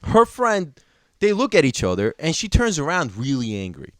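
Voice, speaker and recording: A young man from Georgia spins a story in casual podcast chat, acting out every quote along the way. His voice is bright and lively, swinging up and down in pitch, and the room is dry and close. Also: moderate pace, dry recording. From Georgia (country). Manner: animated storyteller, acts out quotes, swears, laughs often. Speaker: podcast co-host.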